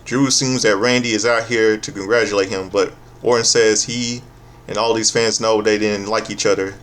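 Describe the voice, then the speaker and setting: A man's voice: on the low side, fairly even intonation, normal speed, fairly bright tone. A man giving a casual, profane, sarcastic recap of a wrestling show, often stopping and restarting his sentences.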